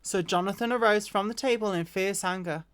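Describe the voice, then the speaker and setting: A woman's voice: medium pitch, brisk. A woman reading a Bible passage aloud in an unpolished way, often restarting and correcting herself. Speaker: scripture reader.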